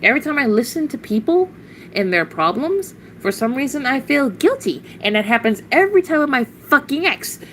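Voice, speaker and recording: A woman's voice: high-pitched, sing-song, normal speed, fairly bright tone, a little hiss or hum, poor audio. Blunt, cursing woman venting on a stream. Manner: blunt, profane and exasperated; rambling, with sighs and short laughs. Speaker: livestreamer. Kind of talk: casual venting livestream.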